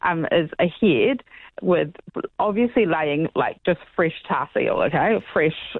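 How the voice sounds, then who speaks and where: A woman with a New Zealand accent calls into a radio show and tells an animated story, often checking in with "okay?". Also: low voice, slow pace, no echo. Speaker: radio caller. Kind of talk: telling a story on the phone. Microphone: phone. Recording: tinny dry phone line.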